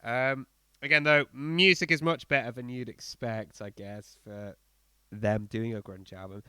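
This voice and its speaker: A man co-hosting a podcast, talking in a casual, blunt and animated way with many fillers and restarts as he reviews an album. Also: mid-range voice, a little slow, clear, resonant tone, dry recording. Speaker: podcast co-host.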